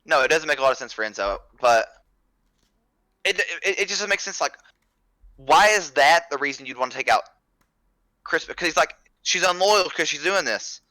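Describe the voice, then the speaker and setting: A man's voice: on the high side, animated, moderate pace, long pauses, sharp tone, no echo. A young man co-hosting a podcast in casual chat, hedging with "I mean" and short agreeing replies. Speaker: podcast co-host.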